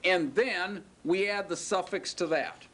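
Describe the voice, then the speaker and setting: Slow, patient male teacher lecturing. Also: sits high, pushed and bright, slight background noise. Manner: patient, explains step by step, asks the class if they follow. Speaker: Hebrew teacher. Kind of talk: classroom lecture. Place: classroom.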